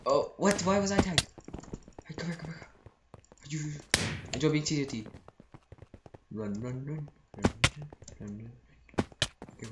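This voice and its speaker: Excitable teen gamer in an echoey room. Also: medium pitch, very noisy. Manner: excitable, panicky yelps, repeats phrases. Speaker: gameplay commentator. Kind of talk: excited let's-play commentary. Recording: echoey room with keyboard clicks.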